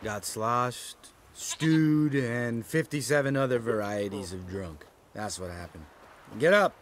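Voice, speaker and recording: A man's voice: medium pitch, expressive, slow pace, a little hiss or hum. An actor playing a brash, sarcastic male witcher who is drunk, mocking and quarrelsome.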